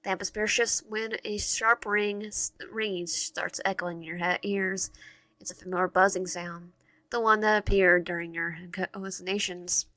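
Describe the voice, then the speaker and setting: A woman's voice: mid-range voice, steady tone, normal speed, bright, forceful tone, dry recording. Woman reading a game aloud, tripping over words. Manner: stumbles and restarts words while reading. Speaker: game narrator and player. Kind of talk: reading a visual novel aloud.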